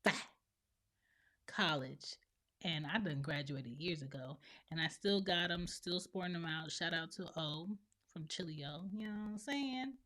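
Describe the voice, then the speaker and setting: A woman's voice: lowish voice, unhurried, fairly bright tone. A woman around forty hosting a podcast, talking bluntly and opinionatedly on her own and acting out other people's lines. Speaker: podcast host and mother. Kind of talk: solo opinion monologue.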